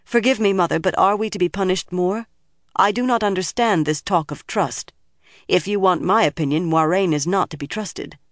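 Fiery, sharp-tongued young woman, voiced by a narrator. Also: low voice, normal speed, hardly any pauses, no echo, clean studio sound. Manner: sharp, demanding and edgy.

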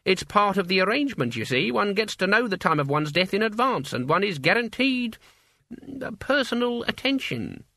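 A man voicing a brisk old witch woman. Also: sits high, big pitch swings, sharp tone, dry recording, voice pushed up, full character voice. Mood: calm. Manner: matter-of-fact, fussy, briskly practical. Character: frail, bent, elderly witch woman, brisk and unflappable. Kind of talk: audiobook character voice.

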